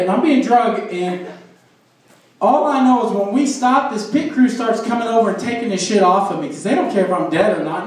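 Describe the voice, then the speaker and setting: High-voiced man telling crude stand-up stories. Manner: crude storytelling with crowd work. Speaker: stand-up comedian. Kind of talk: stand-up comedy set. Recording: echoey club from far off.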